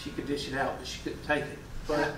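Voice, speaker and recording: A man's voice: a little high, flat delivery, brisk, background noise. A man in his forties with a Southern US accent, a math teacher giving a folksy classroom lecture and quizzing his students. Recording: roomy classroom, mic far away.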